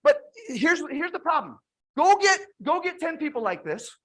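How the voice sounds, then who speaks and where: Energetic woman sales trainer telling stories. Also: sits high, normal speed. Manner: energetic storytelling with frequent restarts. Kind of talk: motivational sales talk with retold conversations.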